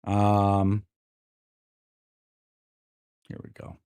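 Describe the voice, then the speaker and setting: A man with a lowish, darkish, smooth voice hosts a casual sports stream, reacting to events as they unfold in a completely flat, very slow delivery. He rambles, repeats himself and drops wry asides, and the sound is dry and close with no room echo.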